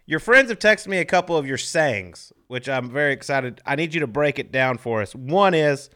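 A man's voice: fairly high pitch, lively intonation, moderate pace, pushed and bright, clean tone. A man hosting a podcast, teasing his guest with playful questions in a casual interview chat. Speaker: podcast host.

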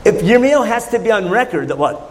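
A man's voice: sits high, sing-song, fast talker, rough recording. A man teaching a Torah class in a conversational lecture, often asking his listeners questions. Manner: questioning, conversational, asks the audience.

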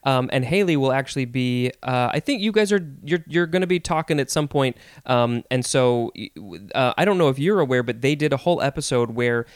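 A man hosts a casual podcast interview, easygoing and hesitant, often pausing with fillers. His voice is smooth and resonant, and the recording is dry and close. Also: mid-range voice, dry recording. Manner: relaxed, hesitant, many ums and restarts. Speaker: podcast host.

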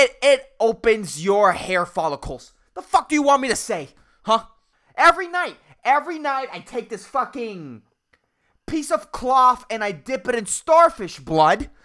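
Sweary man ranting, wildly swinging pitch. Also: pushed and bright. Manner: exasperated, sweary, swings between low mutters and high outbursts. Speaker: podcast host. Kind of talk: profane comedic rant.

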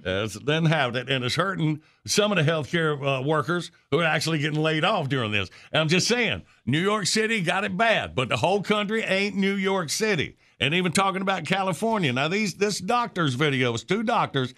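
A man's voice: fairly high pitch, big pitch swings, fairly quick, hardly any pauses, pushed and bright. A man hosting a morning radio show, rambling and opinionated, peppering his talk with "all right.".

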